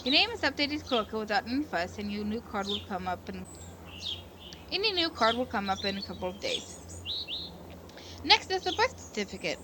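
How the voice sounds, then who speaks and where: A woman's voice: mid-range voice, sing-song, moderate pace, pauses often, background noise. A woman streaming a visual novel, reading the narration aloud and breaking off into earnest, rambling commentary with many self-corrections. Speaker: game streamer. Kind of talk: casual let's-play commentary and narration.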